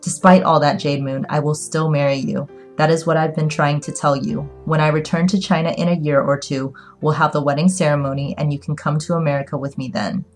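A woman reading an audiobook, voicing a calm young man who speaks softly and with measured patience. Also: deep voice, soft background music, natural voice. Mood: tender. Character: calm, smooth-talking young man, soft and condescending.

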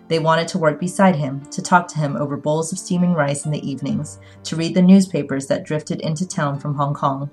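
Low-voiced woman reading a story. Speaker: audiobook narrator. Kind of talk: first-person story narration.

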